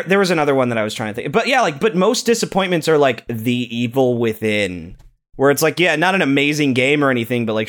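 A young man chatting casually as a podcast co-host, animated, with lots of filler words and repeats. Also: medium pitch. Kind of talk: casual chat.

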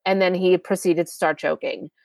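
A woman's voice: lowish voice, steady tone, normal speed, creaky, darkish tone, dry recording. A woman hosting a podcast, telling a personal story in a chatty, conversational way with asides to the listener. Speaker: podcast host.

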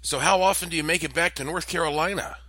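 A man's voice: fairly high pitch, quick pace, pushed and bright, dry recording, voice pushed up. A man voicing a friendly, chatty middle-aged stranger who asks eager questions.

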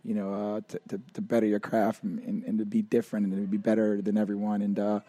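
A man in his thirties talks as a relaxed interview guest in a mellow, warm voice. He keeps circling back with fillers and restarts. The sound is dry and close. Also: on the low side, quick pace, no echo. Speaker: guest, retired player and youth coach. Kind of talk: casual interview chat.

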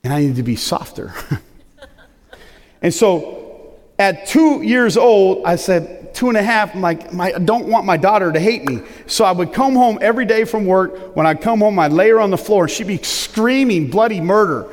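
Middle-aged male pastor, high and booming, big emphatic sermon voice, long hall reverb. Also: moderate pace. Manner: loud booming preaching voice, lively and emphatic.

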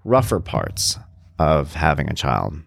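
A man telling personal stories about his family in a casual, animated way, acting out the voices of people he quotes. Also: rumbling low, slow, vocal fry, dry recording. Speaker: father sharing personal stories.

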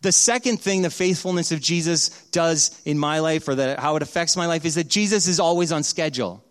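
A middle-aged male pastor preaching a sermon, telling stories animatedly and acting out the voices, dropping from loud to hushed. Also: on the high side.

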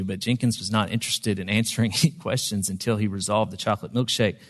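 A man's voice: on the low side, fairly even intonation, fast talker, hardly any pauses, long reverb tail. A man preaching a sermon, telling a story in a conversational way with frequent ums and restarts. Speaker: pastor.

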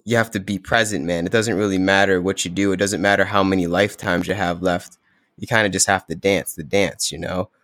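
A man's voice: sits low, fairly even intonation, brisk, a bit bright, dry recording, studio quality. A man as a podcast guest in a casual spiritual conversation, laid-back and often searching for words.

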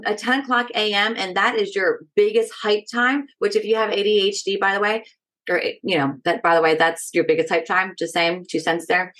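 A woman with a mid-range voice, speaking as a stress management educator in a podcast interview. She talks in a casual, energetic and direct way. She keeps turning to the listener with quick "right?" checks. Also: medium pitch.

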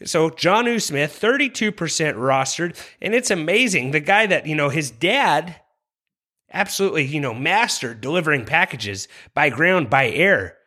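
A man's voice: fairly high pitch, animated, moderate pace, pushed and bright. A young man hosting a fantasy football podcast, talking with passion, rambling and apologizing for going on too long. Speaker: podcast host. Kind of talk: fantasy football rankings talk.

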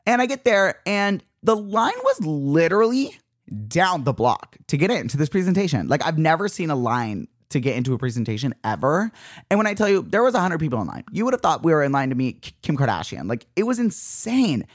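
Young male podcast host, animated exasperated rant, dry close sound. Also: brisk, no room sound. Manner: dramatic, exasperated storytelling with big pitch jumps.

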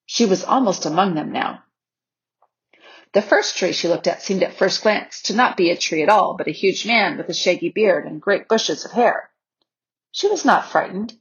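Husky woman reading a storybook. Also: medium pitch, normal speed. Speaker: audiobook reader. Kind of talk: storybook narration. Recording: slightly dull lo-fi recording.

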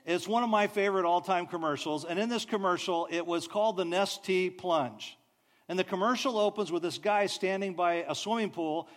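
A man preaching a sermon, telling stories with animated delivery and soft, drawn-out sighs. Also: sits high. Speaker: pastor.

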